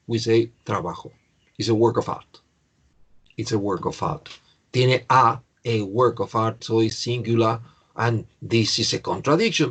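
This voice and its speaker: Slow, patient man teaching grammar. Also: mid-range voice. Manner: slow, patient explaining with repetition. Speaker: English teacher.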